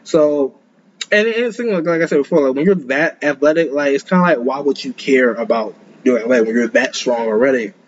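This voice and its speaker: A man's voice: medium pitch, a little fast, dull audio, a little hiss or hum. A man giving casual reaction commentary in a rambling, stumbling way, repeating words and chuckling often.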